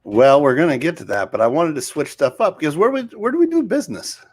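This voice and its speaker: Talking fast in a slightly high voice with big swings in pitch, this middle-aged podcast co-host keeps the conversation relaxed and meandering.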